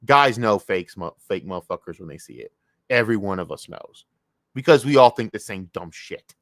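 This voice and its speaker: A man streaming live, ranting loudly and angrily with heavy profanity. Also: fairly low pitch, lively intonation, normal speed, no echo, studio quality. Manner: loud, profane, angry ranting.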